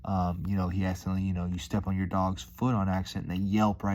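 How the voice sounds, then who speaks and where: A man's voice: low voice, level tone, fast talker, hardly any pauses, mellow, a little hiss or hum. A man talking casually in a rambling, laid-back vlog monologue, calling the listener dude and man. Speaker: vlogger.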